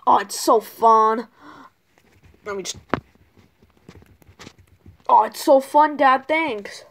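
A woman's voice: a little high, slow pace, creaky, a little hiss or hum. A woman voicing a spoiled, whiny young male turtle prince who pleads and gushes in a homemade toy skit. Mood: excited.

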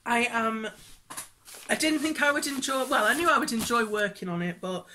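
A woman with a slightly high voice casually presents her stitching projects in a cross-stitch vlog, the background noisy. Her chat wanders, heavy on fillers and frequent laughter.

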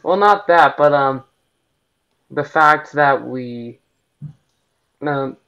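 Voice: mid-range voice, extremely slow, a bit bright, clean tone, rough recording. A young gamer giving casual gameplay commentary, giggling often and rambling with many fillers. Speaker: gaming video co-host.

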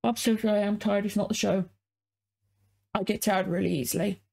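A woman's voice: medium pitch, steady tone, a little fast, vocal fry, darkish tone. A woman hosting a reaction video, talking casually and effusively with lots of swearing. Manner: effusive, swears a lot, emotional.

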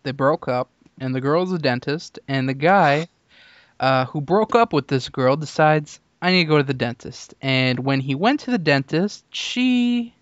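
Clear-voiced young man hosting a podcast. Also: fairly high pitch, animated, unhurried, no echo, highs cut off. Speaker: podcast host. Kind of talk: casual gaming podcast chat.

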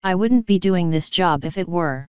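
A woman gives voice to a tough female griffon mercenary, blunt and matter-of-fact about her work. Her voice sits low and stays very smooth. It is recorded dry with a slightly dull sound. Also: moderate pace, a little mellow, dry recording, close to an everyday voice. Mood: defensive. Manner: blunt, offhand.

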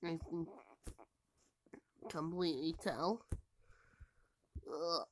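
A woman who is sick and hoarse, talking tiredly through a game and often dropping to a whisper. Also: sits low, very slow, slight background noise. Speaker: gamer. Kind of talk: casual gameplay commentary.

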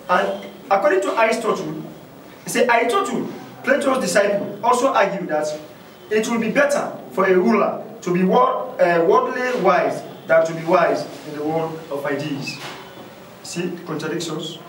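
A man giving a university lecture, emphatic and repetitive, swinging from loud stressed points down to low asides. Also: echoey room, far from the mic, slight background noise, poor audio.

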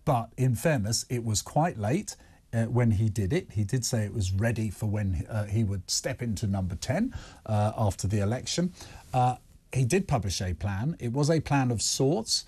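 A man's voice: fairly low pitch, expressive, moderate pace, a little mellow, breathy edge. A man hosting a talk-radio phone-in with British English speech, chatting candidly and correcting himself as he goes. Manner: conversational, candid, self-correcting. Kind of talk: casual talk-radio chat with callers.

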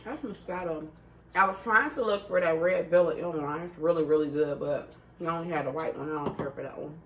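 A woman's voice: sits low, a little fast. A woman in her thirties chatting casually at a food video, laughing often and talking loose and salty. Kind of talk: casual mukbang chat. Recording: far from the mic with faint noise.

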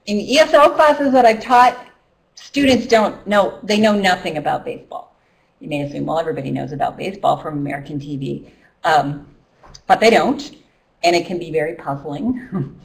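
A middle-aged woman and ESL teacher presenting a training workshop in a loose, conversational way with many ums and restarts. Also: medium pitch. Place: workshop room. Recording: voice from a distance.

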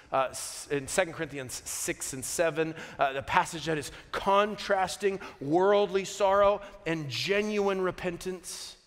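A man preaching a sermon, earnest and unhurried, moving from quiet reflection to emphatic peaks with joking asides. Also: a little high. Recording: long hall reverb.

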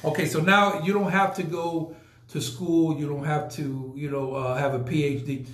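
A man's voice: on the high side, little pitch movement, normal speed, a bit bright, echoey room. A man hosting a casual podcast, talking emphatically and repeating points for effect. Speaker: podcast host. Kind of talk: casual live podcast talk.

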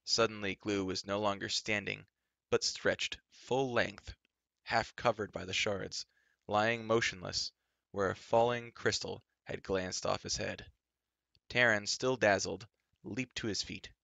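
A man's voice: on the low side, fairly even intonation, measured pace, vocal fry, sharp tone, dry recording. A man reading a storybook aloud with dramatic narration. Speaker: storybook reader.

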